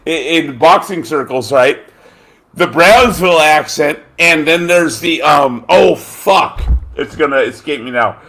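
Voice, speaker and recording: A podcast host speaks in a slightly high, a bit bright voice at a slightly slow pace. Hosting a casual chat, he rambles and swears, often groping for names amid lots of fillers.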